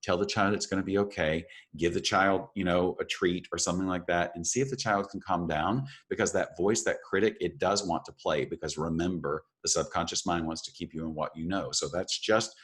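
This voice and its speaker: An earnest man with an extremely low, deep voice, co-hosting a reflective conversation. He talks in an encouraging way and circles back to key phrases for emphasis. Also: steady tone, brisk, hardly any pauses, fairly bright tone, husky. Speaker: podcast co-host.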